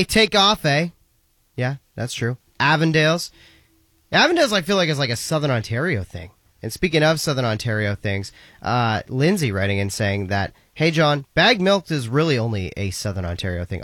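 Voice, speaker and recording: A man's voice: mid-range voice, big pitch swings, fairly quick, a bit bright, no echo. Radio DJ man, dry studio sound. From Canada. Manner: upbeat, reads listener messages aloud. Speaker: radio host. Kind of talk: casual radio DJ chat. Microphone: studio mic.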